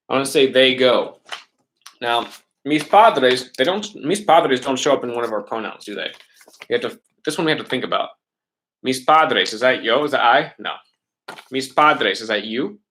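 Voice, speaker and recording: A man's voice: mid-range voice, pushed and bright. Casual man teaching a remote lesson. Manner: casual, chatty, often checks in with "right?". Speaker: Spanish teacher.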